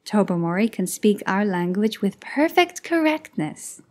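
A woman's voice: medium pitch, very animated, measured pace, darkish tone. A woman voicing a patient, self-satisfied male scientist who lectures in a read-aloud story. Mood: lecturing.

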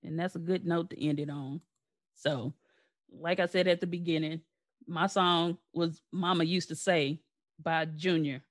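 A woman's voice: on the low side, steady tone, a little slow. A woman hosting her own podcast, chatting casually with her brother and laughing often. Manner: laughs often, warm sign-off patter. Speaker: podcast host. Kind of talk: casual chat.

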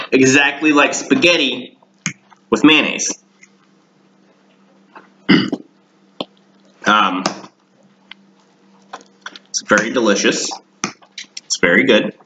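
Deadpan man with a bright voice, echoey room. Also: mid-range voice, takes it slowly, long pauses, slight background noise. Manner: deadpan, darkly joking, rambling. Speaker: home cooking show host. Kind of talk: casual cooking vlog. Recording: echoey room, dull lo-fi sound.

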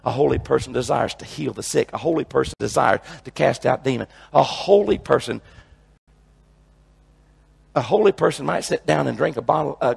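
A man's voice: medium pitch, creaky, husky. A male preacher teaching a sermon in an emphatic way, often repeating phrases and restarting his sentences.

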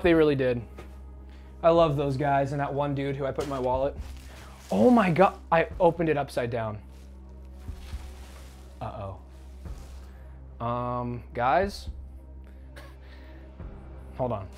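A man's voice: medium pitch, expressive, takes it slowly, long pauses. A man streaming casually, rambling and joking as he talks to his chat and swears now and then. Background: faint background music.

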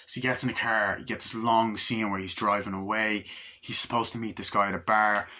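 Male film reviewer, lowish voice, casual and profane, tends to ramble. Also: little pitch movement, pushed and bright. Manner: profane, rambling, retells scenes with quick quoted lines. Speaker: movie reviewer.

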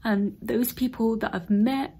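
Fairly high-pitched yet warm and slightly rough, this woman speaks unhurriedly with fairly even intonation. In her thirties, English-accented and newly qualified as a nurse, she chats to camera from an emptied room at home, tearful and emotional and often whispering.

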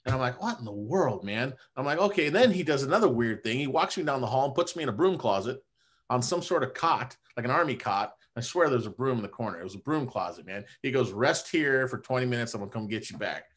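A man, a chiropractor guest on a podcast, telling a personal story in a casual, animated way and often dropping "man" and "you know". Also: mid-range voice, quick pace, breathy edge.

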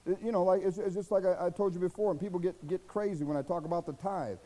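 A man's voice: high-pitched, fairly even intonation, quick pace, dark tone, rough recording. A man with an American accent preaching a sermon as pastor, folksy and exhorting, asking rhetorical questions and mimicking his listeners' excuses.

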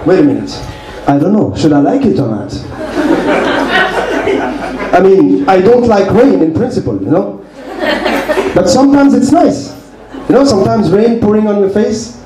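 Guy doing a deadpan standup set, highish voice, noisy club sound. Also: moderate pace, long pauses. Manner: deadpan, reads messages aloud with playful asides. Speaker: stand-up comedian. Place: comedy club stage. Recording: echoey club with noise. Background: audience laughter.

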